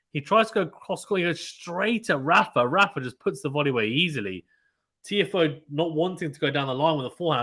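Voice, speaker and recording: A man calling a match live on a stream in casual play-by-play, getting excited and reading out viewer chat. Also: fairly high pitch.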